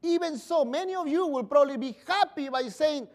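A man's voice: very high voice, brisk. A man preaching a sermon as pastor, acting out quoted pleas in voices.

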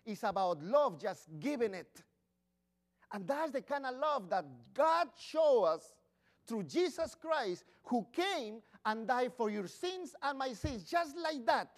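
Earnest high-voiced male preacher. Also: big pitch swings, takes it slowly. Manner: earnest, conversational preaching with questions to the congregation; non-native English with grammar slips. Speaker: pastor. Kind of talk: sermon.

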